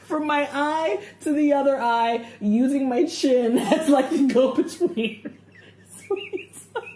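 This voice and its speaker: A woman's voice: sits high, takes it slowly, reverberant, a little hiss or hum. A woman co-hosting a podcast, telling stories in casual chat with frequent laughter. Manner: laughing, animated storytelling. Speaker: podcast co-host.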